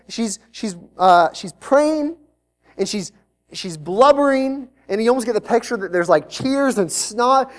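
A man's voice: extremely high pitch, a little mellow. A man preaching a live sermon as pastor to a congregation in a church, talking in a conversational way and mixing in joking asides. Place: church service before a congregation.

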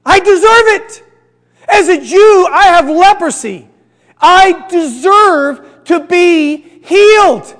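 A man's voice: very high voice, very animated, a little slow, a bit bright, in a large hall, full character voice. A man voicing an indignant, entitled man with leprosy who pleads in a raised, self-righteous voice.

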